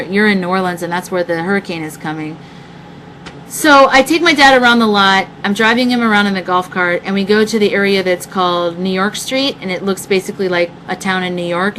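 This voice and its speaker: A woman's voice: medium pitch, a bit bright, a little hiss or hum, rough recording. A young woman telling a long story on her live stream, rambling and profane as she chats with her viewers. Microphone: webcam mic.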